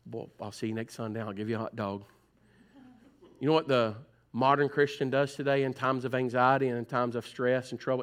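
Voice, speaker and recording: A man preaching a sermon in a church. He talks conversationally, teases his listeners and acts out their complaints. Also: mid-range voice. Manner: conversational preaching, teasing the congregation, mimics voices. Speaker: pastor. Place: church sanctuary.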